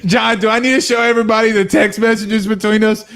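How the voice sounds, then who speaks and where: A higher-pitched man with a drawl, hosting a loose post-game sports talk stream. He talks bluntly and heatedly, swears freely and breaks into laughs between rants. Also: flat delivery, fast talker, fairly bright tone. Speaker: sports show host reading viewer comments.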